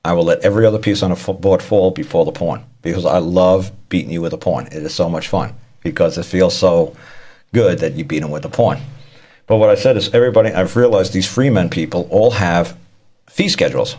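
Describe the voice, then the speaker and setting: Low-pitched and brisk with a darkish tone, a man who speaks on law and court tactics chats casually about court matters. He repeats himself as he rambles and performs the lines of people he quotes.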